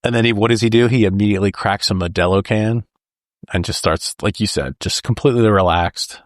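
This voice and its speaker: A man's voice: lowish voice, fairly quick, no echo, studio quality. A man co-hosting a podcast, retelling movie scenes in casual chat and acting out the lines with laughs. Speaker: podcast co-host. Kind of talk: casual film discussion.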